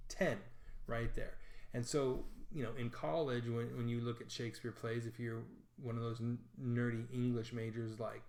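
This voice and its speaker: A man's voice: mid-range voice, flat delivery, moderate pace, darkish tone, echoey room. A man explaining literature in a conversational, self-deprecating way with frequent fillers, like a casual teacher.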